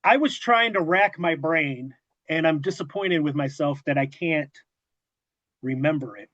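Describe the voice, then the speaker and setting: Male podcast host, higher voice, teasing conversational tone, slightly muffled sound. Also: a little slow, a bit bright, dry recording. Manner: teasing, chatty interviewer. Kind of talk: casual interview chat.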